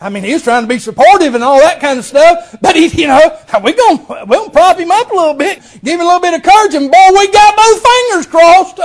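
A man's voice: very high voice, animated, fast, hardly any pauses. A man preaching a folksy sermon, telling the story with exclamations and chuckles.

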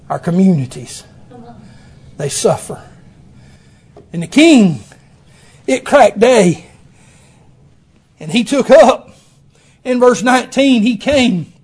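A man, preaching with a strikingly high-pitched voice. He tells the story in a folksy, homespun way, full of exclamations and chuckles. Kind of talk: folksy sermon.

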